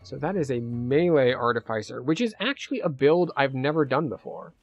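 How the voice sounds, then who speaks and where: A man's voice: mid-range voice, lively intonation, a little fast, dull audio, faint music behind. A man giving chatty, casual commentary over his own gameplay. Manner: chatty, self-deprecating play-by-play. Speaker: gaming streamer.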